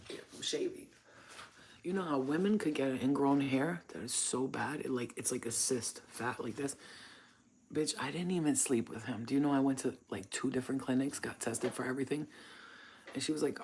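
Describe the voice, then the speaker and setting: A woman's voice: a bass voice, normal speed, creaky, darkish tone, a little hiss or hum. A woman hosting her own channel, telling frank, profane stories in a casual monologue. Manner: blunt, profane, frank storytelling. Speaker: channel host.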